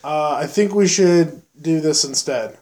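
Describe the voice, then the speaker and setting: A man voicing a hesitant young man who talks very slowly with long pauses. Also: on the high side, a little mellow, close to an everyday voice. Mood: dragging. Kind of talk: mock impression on a podcast.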